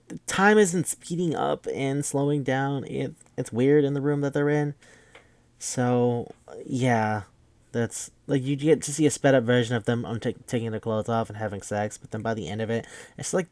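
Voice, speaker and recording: Male podcast host, mid pitch, rambling profane recap with many fillers; dry, close mic. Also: darkish tone, no room sound. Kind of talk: casual movie recap.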